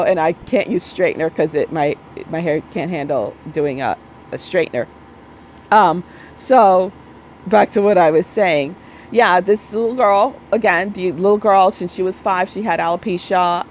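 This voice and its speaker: A woman's voice: on the low side, darkish tone, a little hiss or hum, low-quality recording. A woman in her thirties talking bluntly and emphatically in a casual monologue, repeating her points and often tagging on "okay?". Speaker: spiritual vlogger.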